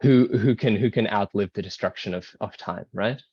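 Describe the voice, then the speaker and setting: Low-voiced man teaching an online class. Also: moderate pace, slightly rough, no echo, dull audio. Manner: explanatory, many ums and rights, asides. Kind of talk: casual online class lecture. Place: online video call.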